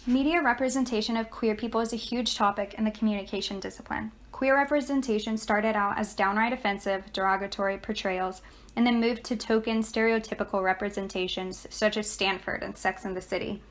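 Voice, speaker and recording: A woman's voice: mid-range voice, fairly even intonation, a little fast. A young woman, a student, giving a scripted class presentation and reading steadily from her notes.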